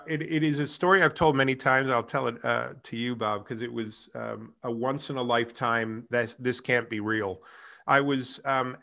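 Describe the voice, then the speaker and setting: Middle-aged guy, bright forceful voice, chatty storyteller, does the voices of people he quotes. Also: mid-range voice, vocal fry. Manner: animated storyteller, acts out quoted dialogue. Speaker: guest, music tech company founder. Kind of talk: casual storytelling interview.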